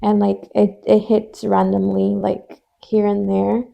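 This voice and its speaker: A woman co-hosting a podcast who listens and answers her friend in a gentle, reassuring way. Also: medium pitch, completely flat delivery, takes it slowly, creaky, muffled recording. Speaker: podcast co-host. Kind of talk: casual supportive chat.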